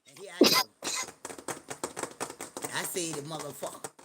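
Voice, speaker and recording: A middle-aged woman hosting a live stream, talking in a loud, profane, joking rant. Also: deep voice, steady tone, unhurried, heavy background noise. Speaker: livestream host. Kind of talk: casual live-stream chat.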